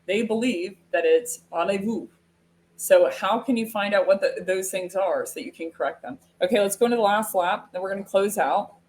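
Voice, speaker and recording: A woman's voice: medium pitch, a little fast. American woman, live webinar host, casual storytelling, laughs often. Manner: animated storytelling with frequent laughs. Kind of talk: casual live-stream talk.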